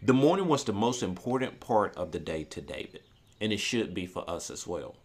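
Earnest man preaching with lively pitch. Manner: earnest, repeats key phrases and restarts, reads scripture slowly. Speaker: church worker preaching. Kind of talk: sermon.

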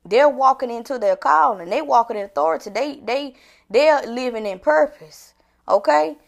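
A woman giving an impassioned, encouraging talk to her viewers, talking folksy and direct, building to fervent near-shouting like a preacher. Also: high-pitched, animated, moderate pace, vocal fry. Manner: folksy, calls to the audience directly. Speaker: online encourager addressing viewers.

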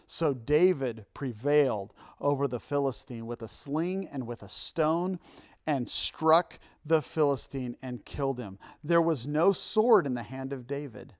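Male preacher, sermon delivery, fairly high voice, builds to loud emphatic peaks, casual asides. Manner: casual asides and self-corrections. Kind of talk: sermon with scripture reading.

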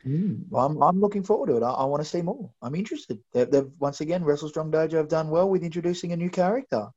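A man's voice: on the high side, fast talker, darkish tone, husky. A man co-hosting a recap show, musing chattily with stammered restarts. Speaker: co-host of a wrestling recap show. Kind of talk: casual chat. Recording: slightly dull, lo-fi sound.

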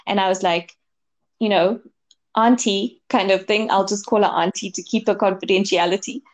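A woman's voice: mid-range voice, steady tone, normal speed. A woman co-hosting a casual chat, telling a long personal story with many fillers and restarts. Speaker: podcast co-host, medium.

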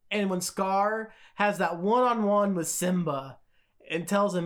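A woman's voice: mid-range voice, moderate pace. A woman co-hosting a podcast, talking in a loose, chatty way. She rambles through her points, scattering fillers like "like" and "you know," with a mid-range voice. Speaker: podcast co-host. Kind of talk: casual podcast chat.

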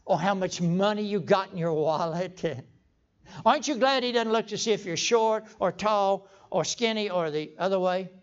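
A man's voice: high-pitched, moderate pace. An older man preaching a folksy sermon in a church, stumbling over restarts and breaking into sudden emphatic outbursts. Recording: dull lo-fi sermon recording.

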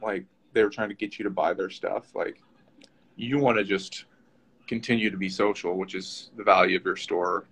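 A man's voice: low voice, fairly even intonation, moderate pace, fairly bright tone, husky, low-quality recording. A man hosting a casual live-stream chat, talking loosely with lots of fillers and tag questions. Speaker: host.

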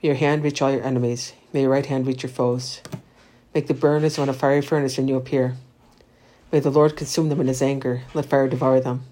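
A man reciting the Divine Office, reading psalms and lessons in a steady liturgical recitation. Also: mid-range voice, brisk, a little hiss or hum. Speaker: prayer leader.

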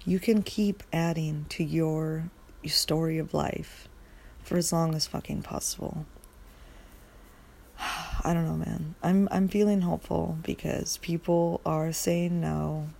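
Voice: mid-range voice, vocal fry, a little mellow. A podcast host rambling through a casual solo monologue, just woken up and groggy, swearing freely and losing the thread.

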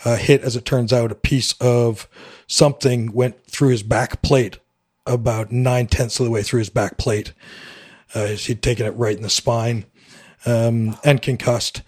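A man's voice: mid-range voice, fairly even intonation, measured pace, darkish tone, husky. A middle-aged man from Canada, a military veteran guest on a podcast, telling his story candidly with a wry edge, acting out the dialogue, with frequent fillers.

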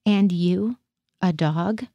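Um médico militar cético interroga o paciente com calma e secura, na voz de uma mulher que lê o conto. O timbre é baixo e aveludado. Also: female voice, on the low side, extremely slow, no room sound, muffled recording, exaggerated voice. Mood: questioning. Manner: probing, dryly questioning. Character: skeptical male military psychiatrist.

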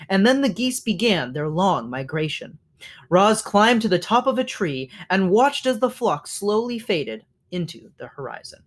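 A man reading a children's novel aloud as narrator, wry in his framing and correcting his own small slips. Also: high-pitched. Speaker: audiobook reader. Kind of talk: storybook read-aloud narration.

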